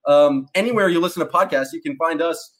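A man's voice: a little high, fairly quick, fairly bright tone. A man co-hosting a sports podcast, chatting loosely and joking, with fillers and trailing sentences. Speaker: podcast co-host. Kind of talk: casual sports podcast chat.

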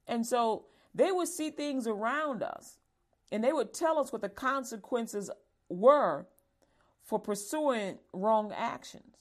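A woman teaching a Bible lesson to young people, lively and acting out calls and warnings. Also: on the high side, slow.

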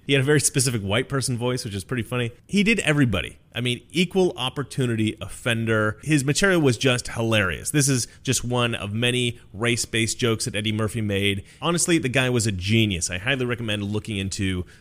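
A man's voice: medium pitch, a bit bright. A man from America in his forties, casually commenting on comedy clips in a chatty, conversational manner. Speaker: video host.

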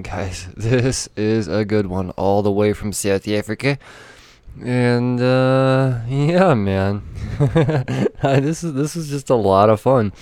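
A man hosts a podcast from a small studio room, talking casually with plenty of fillers and easy laughs. His voice sits on the low side, and the sound is dry with little room echo. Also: darkish tone. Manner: chatty, laughing, lots of fillers. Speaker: podcast host.

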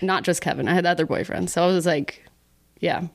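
A young woman from Texas with a fairly low voice tells a story to a podcast host in a loose, chatty way. She laughs often and slips into little voiced-out versions of her younger self. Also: brisk, vocal fry. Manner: chatty, laughing often, acts out her own past words. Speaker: podcast guest. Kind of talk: casual storytelling interview.

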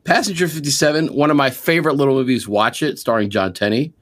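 A man co-hosting a podcast, chatting casually about movies, animated and profane, with loose rambling restarts. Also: medium pitch, fast talker. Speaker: podcast co-host.

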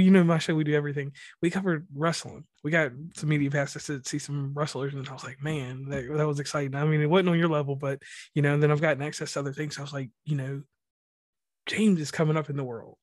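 A man from the rural Mid-Atlantic hosting a casual podcast interview, talking fast and rambling with many restarts. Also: on the high side, little pitch movement, dry recording, studio quality. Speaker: podcast host.

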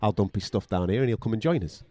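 A man's voice: lowish voice, lively intonation, fast, warm tone, no echo. A male podcast co-host and radio boxing commentator telling a story in casual chat, blunt and profane, acting out other people's voices as he goes.

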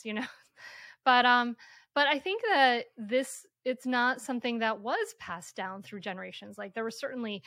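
Soft-spoken, reflective woman podcast host. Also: mid-range voice, no room sound, studio quality. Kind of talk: conversational interview.

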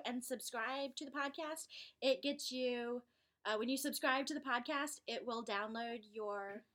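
High-voiced teasing woman podcaster. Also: a bit bright. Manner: teasing, corrects her co-host. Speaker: podcast co-host. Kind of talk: casual podcast chat.

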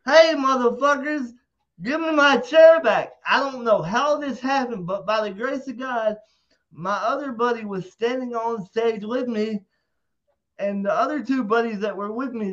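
A man, an interview guest, telling a story casually, swearing freely and acting out what people said. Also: high voice. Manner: profane, animated, acts out quotes. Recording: dull lo-fi audio.

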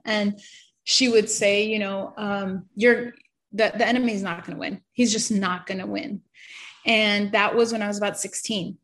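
A woman's voice: mid-range voice, fairly bright tone. A woman in her thirties sharing an emotional faith testimony in an earnest, heartfelt way, full of fillers.

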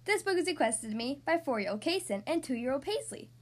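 A woman who hosts a podcast reads a picture book aloud to small children. Her voice is high and swings widely in pitch as she goes. She speaks in a friendly, animated way. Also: fairly quick. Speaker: podcast host reading to kids. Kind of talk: storybook read-aloud.

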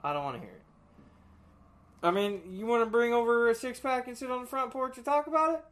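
A man's voice: very high-pitched, fairly quick, fairly bright tone. A man telling profane, laughing stories in casual chat as a podcast co-host.

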